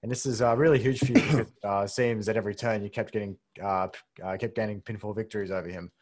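Low-voiced Australian man hosting casually. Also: fast. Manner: relaxed, swears casually. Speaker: podcast host. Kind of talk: casual interview chat.

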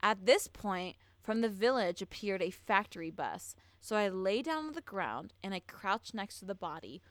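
Woman podcast co-host narrating true crime, crisp bright tone, dry close sound, blunt and swearing. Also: mid-range voice, sing-song, normal speed, dry recording. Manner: blunt and profane, with many fillers.

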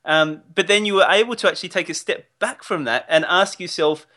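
A man hosting an interview, enthusiastic and quick to laugh, rephrasing his guest's points and asking questions. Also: high voice, pushed and bright. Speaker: podcast host. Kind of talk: conversational interview.

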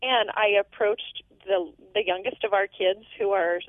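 A woman's voice: medium pitch, a little slow, no room sound. A middle-aged mother telling a parenting story in an earnest, storytelling way. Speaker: parenting guest. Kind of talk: casual chat. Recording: tinny phone line.

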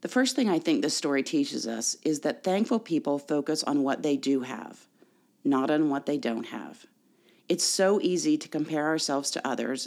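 This is a preacher giving a Sunday sermon. The delivery is measured and deliberate. The pitch sits in a middle range, and the preacher poses rhetorical questions to the listeners. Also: creaky, a little mellow. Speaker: pastor.

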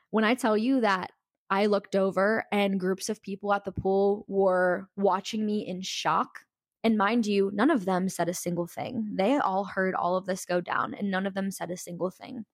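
A woman's voice: medium pitch, fairly even intonation, moderate pace, no room sound, studio quality. A young woman telling a personal story in a casual, candid and emphatic way, full of "like" fillers.

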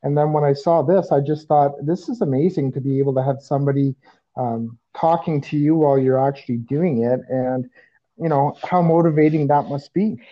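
A podcast host interviewing a guest, encouraging and quick to laugh. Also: mid-range voice, dark tone, muffled recording. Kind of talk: casual interview chat.

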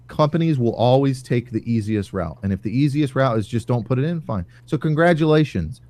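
A man's voice: mid-range voice, darkish tone, no room sound. A man hosting a casual talk show, ranting heatedly and sarcastically with plenty of swearing.

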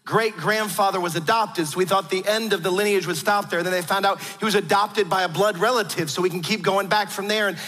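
A man's voice: high-pitched, fairly even intonation, a little fast, hardly any pauses, bright, forceful tone, soft background music. A man preaching a sermon, telling stories earnestly with frequent restarts. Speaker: pastor. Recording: long hall reverb.

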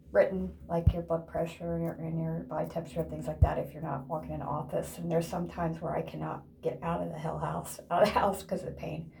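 A woman's voice: fairly low pitch, vocal fry, dark tone, a little hiss or hum. A woman talking casually to camera in a rambling, chatty way, laughing often and sometimes dropping to a whisper. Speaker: vlogger. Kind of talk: casual vlog chat.

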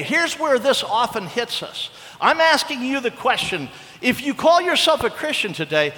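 A middle-aged man preaching a sermon as a pastor, animated and acting out the voices he quotes. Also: high-pitched, long reverb tail.

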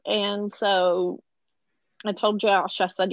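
A woman's voice: mid-range voice, steady tone, slow, no echo, dull audio. A middle-aged woman telling a personal story as a podcast guest, acting out the voices of the people she quotes.

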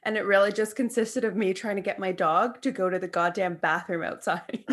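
Young woman, podcast co-host, casual chat, lively storyteller, frequent laughter, swearing. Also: medium pitch, normal speed. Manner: animated storyteller, laughs often, swears freely.

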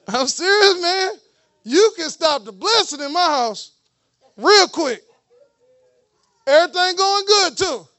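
A man preaching a lively sermon in church, with joking, mocking asides to the congregation. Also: very high voice, slow, pauses often. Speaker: pastor.

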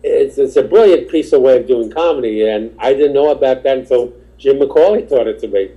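A man with a very dark, mellow voice spins loose, rambling stories from his stand-up career as a podcast guest. He keeps slipping into the voices of the people he quotes. The recording sounds dull and lo-fi. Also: medium pitch, brisk. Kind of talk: casual anecdotal storytelling.

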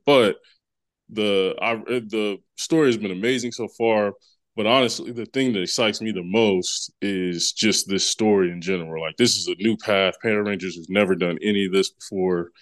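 A man's voice: lowish voice, fairly even intonation, moderate pace, fairly bright tone, no room sound. A man co-hosting a podcast, casually recapping a comic book story in a rambling way with many fillers and restarts. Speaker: podcast co-host.

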